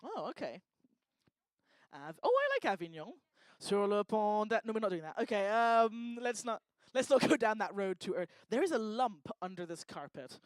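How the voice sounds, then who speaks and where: A woman's voice: medium pitch, sing-song, moderate pace, no echo. A woman hosting a live event on stage, teasing and joking with the audience in casual crowd work. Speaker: event host. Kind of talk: stand-up style crowd work. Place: lecture hall stage.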